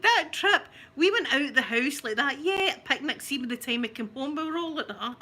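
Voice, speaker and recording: A woman with a Scottish accent telling a family story in casual talk, animated and often laughing. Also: high-pitched, a little fast. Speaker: ASMR channel host telling a family story.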